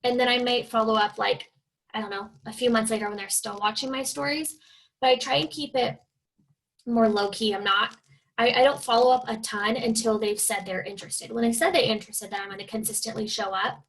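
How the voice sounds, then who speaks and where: A young woman from Oregon talks casually on a team video call, her fairly high voice carrying a gravelly, creaky edge. She is chatty and leans on fillers, and she keeps slipping into little impressions of the people she quotes. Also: fairly even intonation, fairly quick, a bit bright, poor audio. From Oregon, USA. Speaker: guest speaker, fitness coach.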